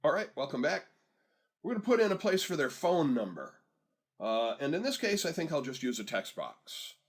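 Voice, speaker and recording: A man giving a screen-recorded software tutorial, talking students through each step in a relaxed, conversational way and pausing so they can catch up. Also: a little high. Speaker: software instructor.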